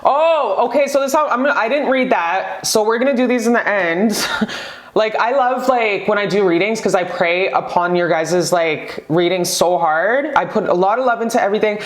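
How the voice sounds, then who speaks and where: A woman doing a casual pick-a-card tarot reading, excitable and gushing, rambling into asides and swearing freely. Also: medium pitch, moderate pace, echoey room.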